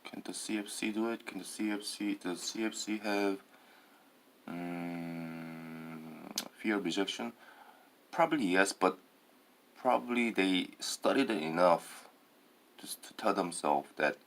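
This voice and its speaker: Man with a very deep voice. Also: a little slow, pauses often, fairly bright tone, slight background noise. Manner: hesitant, many fillers and tag questions. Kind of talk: rambling monologue.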